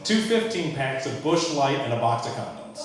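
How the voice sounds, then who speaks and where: A Charleston, South Carolina man in his fifties performs a wry, self-deprecating stand-up set in a comedy club before a live audience. His medium-pitched voice is lively and moderately paced, captured as echoey, far-off club audio with the crowd audible.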